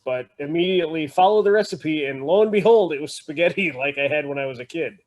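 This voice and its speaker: A man's voice: fairly high pitch, expressive, fast, dull audio. A man chatting casually in a group call, telling family stories and laughing often. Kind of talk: casual group video chat.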